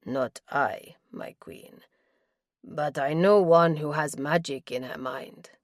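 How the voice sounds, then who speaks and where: A calm, steady man speaks in a deep, soft, soothing voice, low and hushed, as a woman narrator puts him on. The audiobook delivery is slow and unhurried, with a dry, close sound. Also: dry recording. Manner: soothing, quiet.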